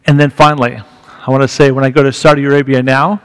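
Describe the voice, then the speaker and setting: A man's voice: medium pitch, flat delivery, fast talker, clean tone. A man speaking as a guest at a church, telling a story to the congregation in a candid, conversational way with rising emphasis. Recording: reverberant church hall.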